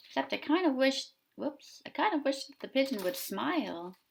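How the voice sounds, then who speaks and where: A woman preschool teacher discussing a picture book with young children, asking them gentle questions. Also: sits high, big pitch swings, moderate pace, vocal fry, slight background noise.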